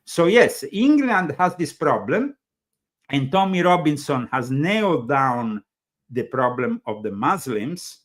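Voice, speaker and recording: Taking it slowly but very animated, a fairly high-pitched man from Italy hosts a talk show. His accented conversational interview style is hesitant and rambling, crowded with fillers.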